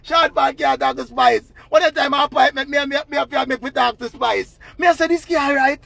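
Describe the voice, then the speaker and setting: Man, very high voice, gravelly, excitable storytelling, young adult. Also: a little fast, no echo. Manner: animated, excitable, dramatic retelling with shouts. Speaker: vlogger. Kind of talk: casual storytelling.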